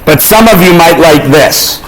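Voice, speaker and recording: A man's voice: on the high side, animated, unhurried, low-quality recording. A man teaching a math class in a casual way, often checking in with the students. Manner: informal, checks in with tag questions. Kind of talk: classroom lecture.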